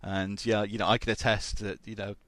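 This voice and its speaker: A man's voice: on the low side, flat delivery, a bit bright, no echo. A man hosting an interview, eagerly asking questions and gushing as a longtime fan. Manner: enthusiastic fan, backchannels and quick agreement. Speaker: podcast host.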